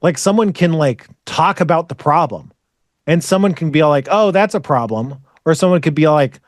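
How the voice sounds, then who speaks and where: Profane, rambling man with a higher voice. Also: moderate pace, no room sound, studio quality. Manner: rambling, profane, exasperated ranting; frequent "like" fillers. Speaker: podcast host. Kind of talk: casual storytelling chat.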